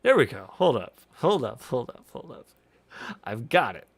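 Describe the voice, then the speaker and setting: A man's voice: mid-range voice, very animated, moderate pace, creaky. A man streamer giving casual, profane commentary on a video, rambling with frequent restarts and asides.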